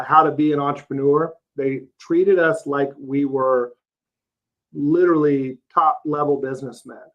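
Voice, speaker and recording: A man in his fifties from Texas, a roofing company CEO telling his career story as a guest in a casual interview, plain-spoken and folksy. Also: a little high. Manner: plain-spoken, folksy, lots of "uh" and "you know". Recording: slightly dull, lo-fi podcast audio.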